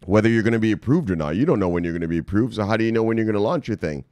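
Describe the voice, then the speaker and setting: Crisp-voiced, profane crypto vlog host. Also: male voice, on the low side, expressive, very fast, darkish tone, no room sound. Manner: loose, profane, says "bang" as a catchphrase. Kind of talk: casual vlog talk. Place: home studio in South Beach.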